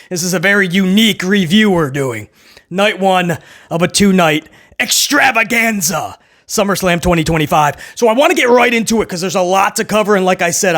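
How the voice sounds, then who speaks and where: A man hosting a casual solo wrestling review, hyped and slangy, talking straight to his viewers and laughing often. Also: high-pitched.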